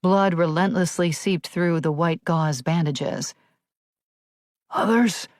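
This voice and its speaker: A woman narrating a thriller audiobook in a measured, even reading. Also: fairly low pitch, dry recording, clean studio sound.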